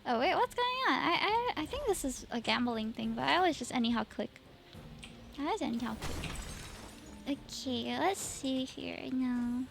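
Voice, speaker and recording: A woman's voice: high voice, lively intonation, normal speed, gravelly, a little hiss or hum. A young woman with a Singaporean accent, chatting casually and giggling on her live stream, sprinkling in Singlish particles. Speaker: VTuber streamer.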